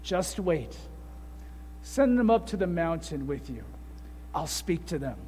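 Male preacher playing a patient heavenly father, soft and low, in a reverberant hall. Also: sing-song, measured pace, a little hiss or hum. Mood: reassuring. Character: gentle, patient heavenly father, calm and reassuring.

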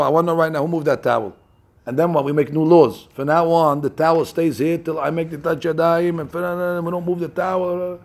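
Man, gravelly, slightly high voice, Torah class, acts out scenes, lots of restarts. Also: fairly quick. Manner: animated storyteller acting out scenes; frequent restarts and fillers. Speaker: rabbi teaching a class.

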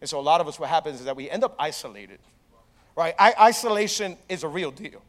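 A young adult man giving a sermon as pastor, telling a story with animated asides and questions to the congregation. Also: a little high, fast talker.

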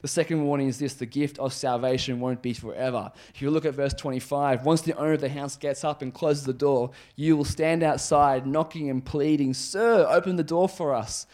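A pastor giving a conversational, emphatic sermon, dropping low and quiet on serious points. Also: male voice, fairly even intonation, a little fast, few pauses.

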